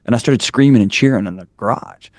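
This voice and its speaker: A man's voice: medium pitch, fast, darkish tone, dry recording, studio quality. A man in his forties, a podcast guest, talking candidly and bluntly, building his points up with preacher-like fervor. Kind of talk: candid interview storytelling.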